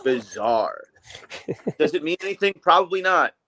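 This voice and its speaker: A man's voice: a little high, sing-song, moderate pace, pushed and bright, rough recording. A man co-hosting a weekly talk stream, speaking in a casual, rambling way with many fillers and restarts. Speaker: co-host. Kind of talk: casual political chat.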